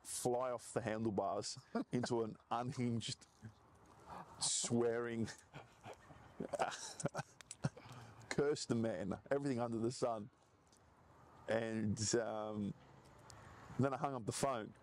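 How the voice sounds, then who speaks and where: A man's voice: medium pitch, fairly even intonation, takes it slowly, long pauses, a little mellow, slight background noise. A man in a casual chat, rambling through stories and laughing often.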